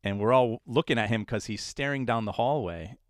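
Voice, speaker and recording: A man, a paranormal investigator being interviewed, telling stories in a casual, animated way and acting out the voices of people he quotes. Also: medium pitch, fairly quick, no room sound, studio quality.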